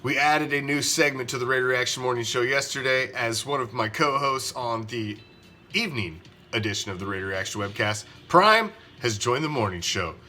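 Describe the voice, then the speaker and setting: Bright-toned male sports show host. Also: mid-range voice, normal speed, soft background music. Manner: casual, introducing segments. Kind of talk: casual sports show hosting.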